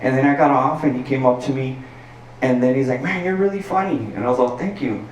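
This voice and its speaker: A man from El Paso, Texas, telling stand-up stories in an animated, profane way, full of "like" and "dude". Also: medium pitch, fast talker, slight background noise. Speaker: stand-up comedian. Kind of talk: stand-up storytelling. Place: packed garage show. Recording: roomy sound from a distant mic.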